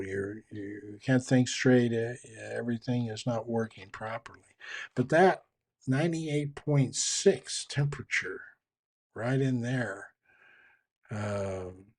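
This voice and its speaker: A man giving a conversational, explanatory talk on trust and leadership, with frequent restarts. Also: fairly low pitch. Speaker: trainer on communication and leadership.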